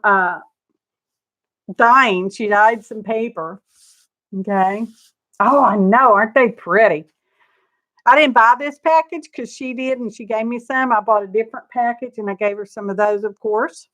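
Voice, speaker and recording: An older woman hosts a live craft show-and-tell from her studio, her voice a little high with a fairly bright tone. Running a craft channel, she's chatty and gushing, greets viewers by name and laughs often.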